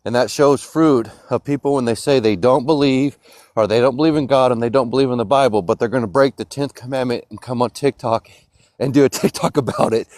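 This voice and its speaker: A man's voice: mid-range voice, brisk, no room sound, clean studio sound. A man arguing his faith in a heated live-stream debate, insistent and preachy. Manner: insistent and preachy, rising to loud outbursts. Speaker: Christian caller in a debate.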